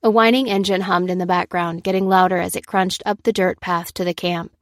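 A woman narrating a work of fiction in a steady storytelling voice. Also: fairly low pitch, a little fast, dry recording, clean studio sound. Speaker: audiobook narrator.

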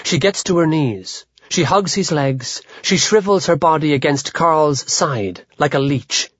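Man reading an audiobook, husky voice, steady pace, dry dull recording. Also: on the high side, a little slow, no room sound. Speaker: audiobook narrator. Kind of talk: literary audiobook narration.

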